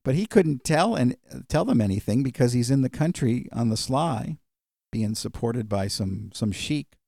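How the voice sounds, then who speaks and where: A man's voice: medium pitch, lively intonation, moderate pace, creaky, mellow, no echo, clean studio sound. A male pastor preaching in a conversational storytelling way, with frequent fillers. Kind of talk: sermon.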